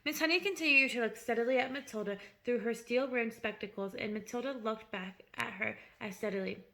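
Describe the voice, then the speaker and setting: A woman's voice: a little high, a little fast, bright, forceful tone. A woman reading a children's novel aloud chapter by chapter, adding her own explanatory asides. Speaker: storybook reader.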